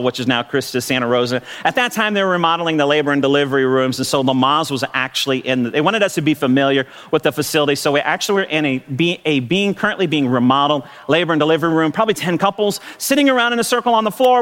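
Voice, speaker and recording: A middle-aged male pastor tells a personal story from the pulpit in a high, quick voice. He is animated, often laughing and restarting his phrases as he goes. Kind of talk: sermon storytelling.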